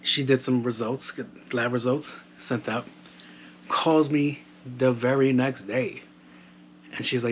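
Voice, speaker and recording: A man's voice: medium pitch, steady tone, measured pace. A man hosting a casual solo podcast from home, loose and joking, swearing freely, on a modded home mic. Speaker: podcast host. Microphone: modded home microphone. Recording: faint household background noise. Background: household background noise.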